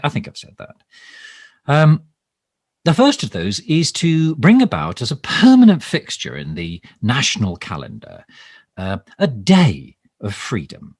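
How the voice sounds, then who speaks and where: A man's voice: fairly low pitch, breathy edge, no echo, studio quality, full character voice. A man playing a bumbling, pompous government minister in a mock live stream, rambling and stammering through ums and restarts. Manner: pompous, overly formal. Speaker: satirical minister character. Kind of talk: improvised comic monologue, mock live stream.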